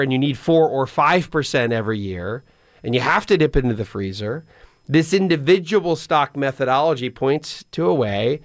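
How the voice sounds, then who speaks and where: A man's voice: on the high side, dry recording, studio quality. A man hosting a radio finance call-in show, explaining money advice in a conversational way, often restarting sentences. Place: radio studio. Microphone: studio microphone.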